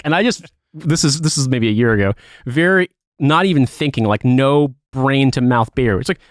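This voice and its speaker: A man telling a profane, animated story as a podcast co-host in casual chat. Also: mid-range voice, normal speed, dry recording, studio quality.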